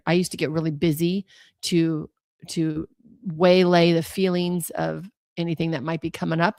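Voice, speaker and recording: A woman's voice: on the low side, vocal fry, no echo, studio quality. A middle-aged woman, a financial coach, giving chatty, candid advice and leading listeners through breathing. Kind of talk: casual advice talk to camera.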